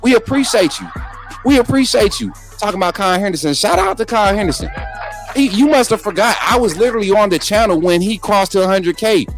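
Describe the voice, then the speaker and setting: Over soft background music, a sports show host with a high-pitched, expressive voice runs a live sports talk stream at a quick pace. He's combative and repetitive, talking straight to his viewers and reading out their chat messages.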